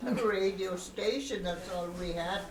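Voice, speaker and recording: A man's voice: sits high, unhurried. An older man, chatting casually, repeating phrases and chuckling. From Inuvialuit Settlement Region, Canada. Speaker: Elder. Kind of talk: casual reminiscing. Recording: echoey room, distant mic, background noise.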